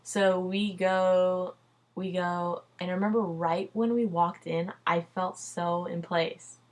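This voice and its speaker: A woman's voice: fairly low pitch, steady tone, slow pace. A young adult woman telling a personal story in a casual vlog, chatty and loose, full of "like" and "dude", swearing freely. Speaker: vlogger.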